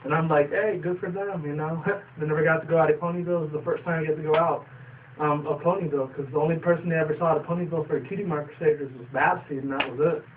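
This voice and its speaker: A man's voice: on the high side, fairly even intonation, racing. A young man casually reviewing a cartoon episode, rambling with fillers and casual swearing. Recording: distant tinny phone-like sound, faint noise.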